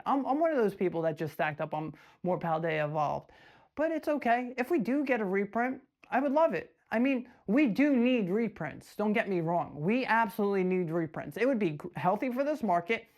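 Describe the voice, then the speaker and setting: Male vlogger, casual to-camera chat, animated and rhetorical, frequent restarts. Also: high voice, moderate pace. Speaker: trading card collector vlogger. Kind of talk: casual direct-to-camera vlog.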